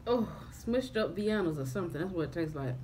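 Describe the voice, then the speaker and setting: A woman's voice: fairly low pitch, expressive, brisk, noisy background. A young woman vlogging casually to camera, groaning and gagging with exaggerated disgust. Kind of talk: casual vlog chat to camera.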